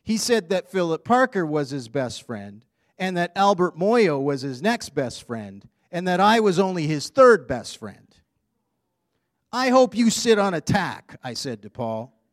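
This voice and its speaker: A man's voice: fairly high pitch, big pitch swings, measured pace, dry recording, studio quality, pitched above the performer's own voice. A man voicing a grumpy young boy who complains about his bad day, reading a storybook aloud.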